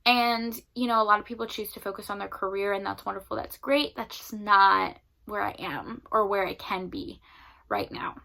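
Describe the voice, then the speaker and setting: Bright-voiced young woman chatting casually. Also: mid-range voice, moderate pace, vocal fry. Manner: rambling, filler-heavy, 'like' often; emotional, near tears at times. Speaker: book vlogger. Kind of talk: casual vlog chat.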